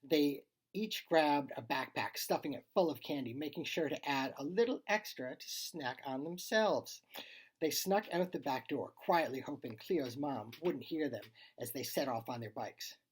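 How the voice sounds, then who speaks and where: A storyteller reads a child's spooky tale aloud with an expressive, husky voice and plays up the lines of dialogue. The pitch sits in the middle, and the delivery is lively. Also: unhurried. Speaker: reader of a child's short story.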